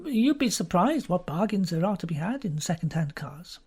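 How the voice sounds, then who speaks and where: A woman's voice: on the low side, big pitch swings, normal speed, a little mellow, husky, exaggerated voice. A woman voicing an earnest, bluff young man, recently out of the Navy, in an audiobook. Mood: eager. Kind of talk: audiobook character reading.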